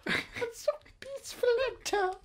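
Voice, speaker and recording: A man doing a comic impression of an airy, whimsical Icelandic woman singer, high and sing-song. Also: unhurried, fairly bright tone, a little hiss or hum. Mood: dreamy.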